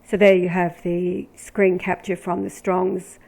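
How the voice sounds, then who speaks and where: A woman giving religious commentary, reading scripture verses aloud with deliberate, emphatic delivery. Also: on the low side, completely flat delivery, vocal fry, darkish tone, poor audio.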